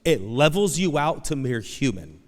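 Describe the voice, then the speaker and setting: A man preaching a conversational, animated sermon as pastor, acting out quoted voices. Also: mid-range voice, moderate pace. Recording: long hall reverb.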